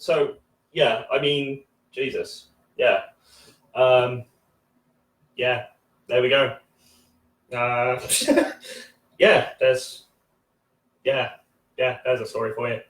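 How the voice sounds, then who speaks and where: A man in his thirties doing a debut stand-up set, rambling and halting with lots of fillers, restarts and swearing. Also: a little high. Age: 30s. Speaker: stand-up comedian. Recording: echoey room from a distance.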